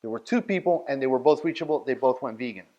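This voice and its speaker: A man's voice: medium pitch, expressive, fast talker, mellow, highs cut off. A man leading a workshop, talking bluntly and directly and often checking that his listeners follow. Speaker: outreach workshop leader. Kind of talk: workshop talk.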